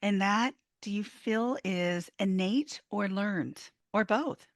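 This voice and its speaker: A woman's voice: mid-range voice, slow pace, dry recording. A woman podcast host and psychologist interviewing a guest with thoughtful, probing questions. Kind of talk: interview conversation.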